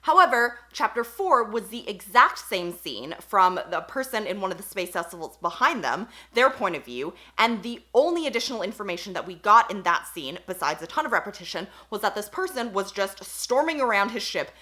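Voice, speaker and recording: A woman's voice: medium pitch, very animated, moderate pace, hardly any pauses, bright, forceful tone. A young woman giving a frank, sarcastic book review, reading quotes aloud now and then.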